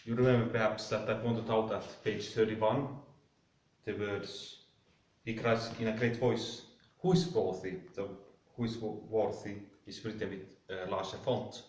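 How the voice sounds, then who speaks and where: Man leading a slow close reading. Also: fairly low pitch, little pitch movement, a little mellow, a little hiss or hum. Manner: careful, halting, rereads passages aloud. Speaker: reading group leader. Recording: roomy, distant mic.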